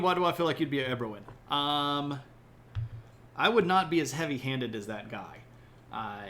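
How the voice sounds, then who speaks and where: On a casual livestreamed history talk, a podcast host explains events in a joking, chatty way, often checking in with "right?". He speaks in a mid-range, fairly bright voice.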